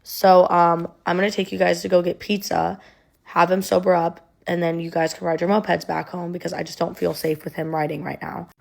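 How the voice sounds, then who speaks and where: A woman's voice: fairly low pitch, level tone, a little fast, gravelly, a little mellow. A young woman telling a personal story in a conversational way, with many ums and likes, her voice sounding emotional and near tears.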